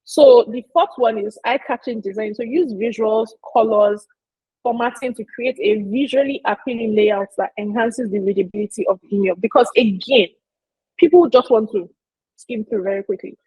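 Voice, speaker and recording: A woman's voice: fairly high pitch, moderate pace, warm tone, slightly rough, dry recording, low-quality recording. A woman giving an informal marketing lesson, chatty and emphatic, speaking straight to her listeners. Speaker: business marketing presenter. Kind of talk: informal teaching talk.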